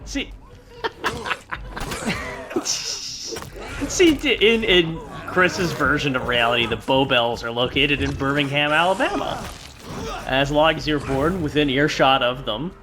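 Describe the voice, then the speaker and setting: A man's voice: mid-range voice, expressive, normal speed, over music. A man co-hosting a let's play, tossing out playful joking asides. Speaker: co-host.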